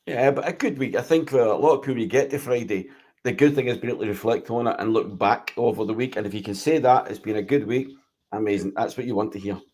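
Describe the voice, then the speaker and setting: A man's voice: medium pitch, fast talker, darkish tone. A man, a business coach talking earnestly in casual podcast chat. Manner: earnest, explanatory. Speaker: mindset and leadership coach.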